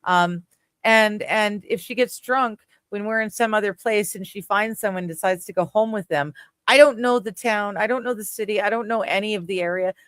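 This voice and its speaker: A woman's voice: medium pitch, moderate pace, fairly bright tone, no echo. Woman, forties, podcast host, casual chat, giggly, rambling, dry close sound. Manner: giggly, rambling, many fillers and restarts.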